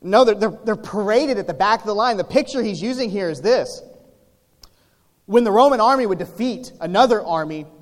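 A pastor delivers a sermon with a high, ringing voice. He talks to the congregation casually, throwing in rhetorical questions and jokes. The sound carries a long reverb from a church hall. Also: a little fast. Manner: conversational preaching with rhetorical questions and humor.

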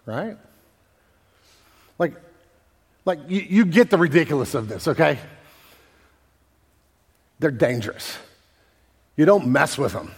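A man preaching a sermon as pastor, casual and animated, using slang and acting out voices. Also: fairly high pitch, slow pace, long pauses, slightly rough, big-room sound.

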